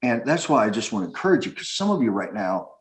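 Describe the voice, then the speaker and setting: A middle-aged man pastor preaching, playful and animated, trading jokes with his wife in front of the church. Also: on the low side, fast talker. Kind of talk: sermon with banter. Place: church sanctuary. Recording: echoey church room.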